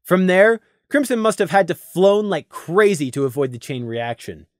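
A man narrating a story in an expressive, animated read, recorded close to the mic. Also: high-pitched, moderate pace, dry recording. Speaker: audiobook narrator.

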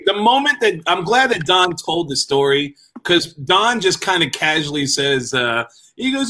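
A man's voice: a little high, big pitch swings, measured pace, bright, forceful tone, poor audio. A man co-hosting a comedy podcast, telling a story in a casual, conversational way. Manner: laughing, swearing, conversational.

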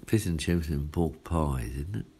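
Very deep, slow Australian pastor. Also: male voice, warm tone, a little hiss or hum. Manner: folksy and chatty, asks "hey?" often, laughs at his own lines. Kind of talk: casual midweek sermon.

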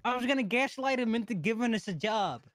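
A man's voice: extremely high pitch, lively intonation, fast talker, fairly bright tone. A young man in role-play chat, blunt and wryly teasing.

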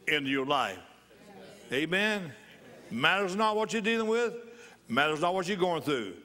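A pastor delivers a sermon in a church, his pushed, bright voice pitched slightly above the typical man's. Repetition of phrases drives his message, and he laughs heartily as he calls for joy.

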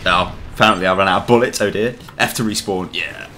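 A man's voice: deep voice, fairly even intonation, fast talker, pushed and bright, slight background noise. A young man giving sweary, grumbling commentary over his own gameplay. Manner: grumbling, swearing, laughing at the game. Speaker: gaming channel host.

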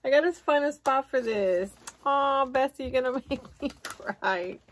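Unboxing a friend's happy mail, this woman vlogger talks to her viewers in a giggly, gushing way about every gift in a casual chat. She speaks unhurriedly in a high voice.

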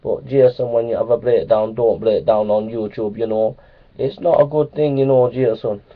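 A man's voice: medium pitch, fairly even intonation, moderate pace, natural voice. A man voicing a jovial older Jamaican uncle who gives fussing advice, chatty and full of "you know", with a put-on Jamaican accent. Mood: teasing. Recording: tinny phone-like sound.

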